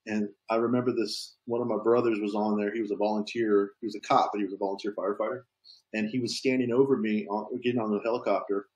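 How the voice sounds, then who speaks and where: A man's voice: on the low side, fairly even intonation, quick pace, a little mellow, poor audio. A police officer telling a story in a casual, easygoing way, often tossing in "man". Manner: easygoing, peppers talk with "man".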